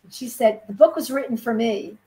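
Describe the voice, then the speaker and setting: A woman hosting an interview show, chatty and quick with follow-up questions, heard over a video call. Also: fairly high pitch, dark tone, rough recording. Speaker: show host. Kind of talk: casual interview.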